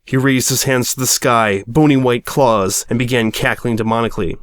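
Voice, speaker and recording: A man's voice: medium pitch, fairly even intonation, moderate pace, dry recording, studio quality. A man narrating a story aloud with a wry, mock-dramatic delivery. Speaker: audiobook reader.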